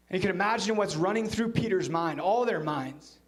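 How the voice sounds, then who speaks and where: A man, the pastor, preaching a sermon in church and telling a story, at times dropping into a hushed low voice for quoted lines. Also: a little fast, hardly any pauses.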